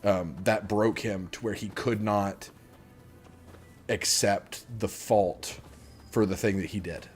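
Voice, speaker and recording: A man's voice: on the low side, fairly even intonation, slow, soft background music. A man hosting a casual gaming livestream, chatting in an easygoing, rambling way with lots of fillers. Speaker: streamer host.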